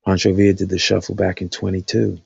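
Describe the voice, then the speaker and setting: A man's voice: sits low, level tone, quick pace, vocal fry, a little mellow, breathy edge, no echo, lo-fi sound. A man hosting a casual live stream, thinking aloud with lots of fillers, his voice dry after talking all night.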